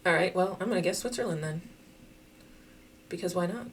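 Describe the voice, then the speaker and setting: A woman giving casual, chatty commentary while playing a geography guessing game, thinking out loud and laughing often. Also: on the low side, a little fast, breathy edge. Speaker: game streamer.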